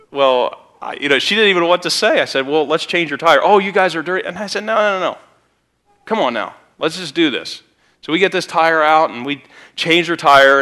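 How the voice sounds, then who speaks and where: A man's voice: mid-range voice, bright, forceful tone. A man preaching a sermon as a youth pastor in a church, telling stories in a conversational way with sudden emphatic rises. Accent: Midwestern American. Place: church sanctuary.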